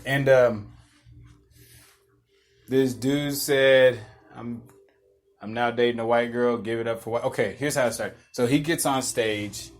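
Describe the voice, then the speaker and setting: A young man hosting a podcast, telling a rambling, laid-back story with restarts and chuckles. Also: mid-range voice. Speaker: podcast host. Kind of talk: casual storytelling monologue.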